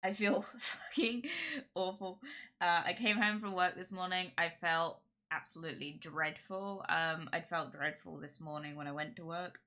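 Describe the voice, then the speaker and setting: A woman's voice: on the low side, moderate pace, pushed and bright. A young woman with a cold, chatting with viewers on a live stream in a nasal, congested voice, rambling with lots of fillers.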